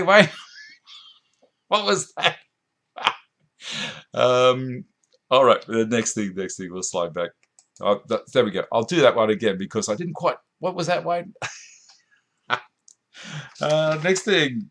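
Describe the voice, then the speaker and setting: A man's voice: lowish voice, fairly bright tone. An Australian man hosting a woodworking live stream, chatting casually, reading out viewer comments and chuckling often, recorded on a camera mic in a home workshop. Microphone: camera mic at a short distance.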